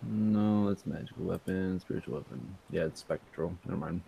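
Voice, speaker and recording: Gravelly low-voiced man player. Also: moderate pace, lo-fi sound. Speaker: tabletop game player. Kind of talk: casual tabletop play.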